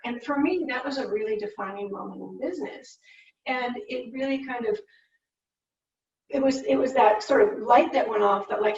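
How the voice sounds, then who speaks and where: A woman with a slightly high voice tells a candid business story to an audience. The sound is muffled and roomy, as if picked up from across a hall. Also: moderate pace, darkish tone. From United States. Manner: candid, storytelling with acted-out quotes. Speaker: business owner giving a talk. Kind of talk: personal story talk. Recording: muffled, roomy, distant mic.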